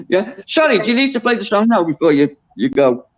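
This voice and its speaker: A man's voice: high voice, very animated, normal speed, lo-fi sound. A man from Liverpool with a Scouse accent, chatting casually on a video call, rambling and correcting himself as he goes. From Liverpool, England. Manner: rambling, self-interrupting, chuckling. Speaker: guest. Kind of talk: casual chat on a live stream.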